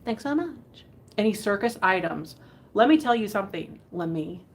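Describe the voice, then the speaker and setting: A woman with an animated, mid-range voice speaks at a moderate pace while hosting a live online vintage sale. She chats casually, giggles, and rambles as she sells, with faint noise in the background.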